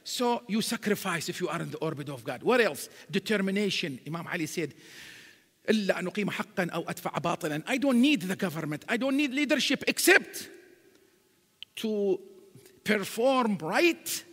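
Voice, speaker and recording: A man's voice: sits high, expressive, normal speed, fairly bright tone. A man giving a live sermon in a large mosque hall, telling stories animatedly and quoting Arabic verses. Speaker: religious speaker. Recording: reverberant hall.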